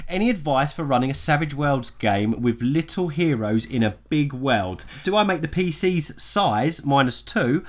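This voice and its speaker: A man's voice: a little high, expressive, normal speed, few pauses. A man co-hosting a podcast, reading listener questions in a laid-back, chummy way. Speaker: podcast co-host.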